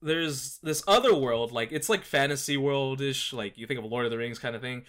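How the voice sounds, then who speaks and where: A young man chatting casually, rambling and animated, with lots of fillers as he tells a story. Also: medium pitch, normal speed. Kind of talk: casual chat.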